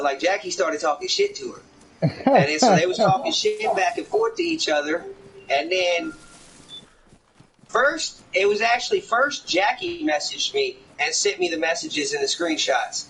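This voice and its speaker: A man rambles through a casual story, swearing constantly and acting out what others said. His voice is bright and forceful and sits a little high. He is recorded from a distance with a faint hum of background noise. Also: very animated, moderate pace. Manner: rambling, swears often, acts out others' lines.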